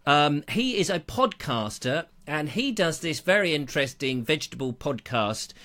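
A man's voice: a little high, big pitch swings, normal speed, sharp tone. A middle-aged man hosting a casual live chat, jokey and theatrical, on a lapel mic. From England. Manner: theatrical, jokey, slips into funny voices. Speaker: host of an explorer channel.

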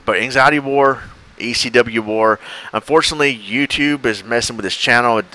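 A man's voice: lowish voice, bright, forceful tone, low-quality recording. A man co-hosting a casual podcast chat, rambling and acting out quoted exchanges with laughs. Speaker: podcast co-host.

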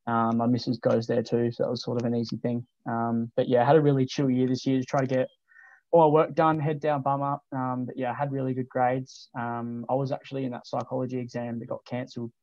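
A relaxed Australian man in his late teens talks casually as a podcast guest, hesitating and restarting often. His voice stays mostly level, with little rise or fall. The recording is dry and a little dull, like a lo-fi capture. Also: medium pitch, brisk, no room sound. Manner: laid-back, many ums and restarts. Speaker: guest, junior footballer. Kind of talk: casual interview chat.

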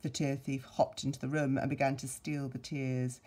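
A woman teacher reading a story aloud to her pupils, expressive and playful with sound effects and asides. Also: rumbling low, moderate pace. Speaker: primary school teacher.

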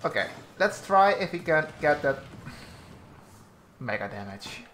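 Slow-talking man commentating gameplay. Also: fairly high pitch, sing-song, a bit bright, roomy sound, slight background noise. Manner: slow, halting commentary with frequent restarts, exasperated at teammates. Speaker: gaming YouTuber.

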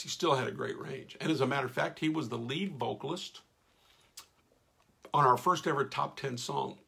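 Gravelly man hosting a live stream. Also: medium pitch. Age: middle-aged. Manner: folksy, enthusiastic, shout-outs to viewers. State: losing his voice. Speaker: radio host reading live comments. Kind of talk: casual live-stream chat.

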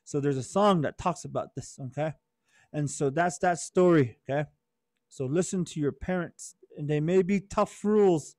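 A man tells a traditional story to children in a gentle, teacherly way, checking in often with his listeners. His voice is fairly high for a man. The sound is dry and close, with no room echo. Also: normal speed. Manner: gentle teacherly, often asks "right?" and "okay?". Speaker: storyteller for youth.

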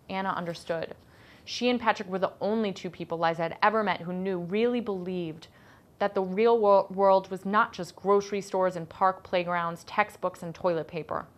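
A woman, the author, reading her children's novel aloud in an expressive storytelling voice. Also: fairly low pitch. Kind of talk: audiobook-style narration of a children's novel.

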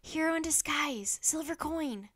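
A woman voicing a curious, lively young girl who talks eagerly and a bit louder. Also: sits high, unhurried, pitched above the performer's own voice.

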